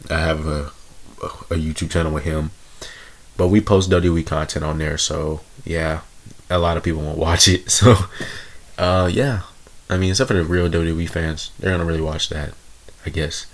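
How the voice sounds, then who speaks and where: Deep-voiced young man rambling casually. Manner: rambling and self-correcting, chuckles at himself. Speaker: podcast host. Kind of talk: casual solo podcast chat.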